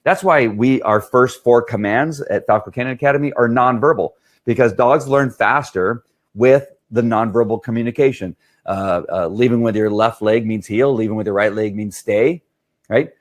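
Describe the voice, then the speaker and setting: A man's voice: medium pitch, moderate pace. A middle-aged man, a dog trainer, answering questions in a casual talk and often checking in with "right?". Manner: chatty, keeps asking "right?".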